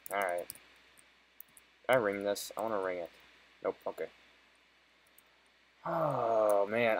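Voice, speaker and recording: A man's voice: fairly low pitch, low-quality recording. A young man giving casual, profanity-heavy commentary while playing a video game, frustrated and joking. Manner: swears constantly, frustrated and joking. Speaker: let's play gamer.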